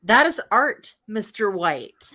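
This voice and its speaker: A woman's voice: medium pitch, sing-song, takes it slowly, pushed and bright, dry recording. A woman hosting a casual livestream chat, teasing her co-host and laughing often. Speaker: stream host.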